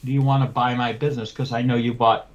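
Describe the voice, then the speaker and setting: A man chatting casually on a podcast, blunt and profane, acting out both sides of an old dispute. His voice sits at a middling pitch for a man. The recording is a little dull and muffled. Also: level tone, fast. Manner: blunt, profane, tells stories with quoted dialogue. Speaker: window cleaning business owner. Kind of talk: casual podcast chat, storytelling.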